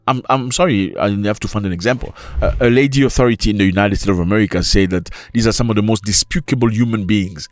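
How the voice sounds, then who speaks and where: A man hosting opinionated commentary, talking in an animated way with rhetorical questions and sudden jumps in pitch. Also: dry recording. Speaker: commentary channel host.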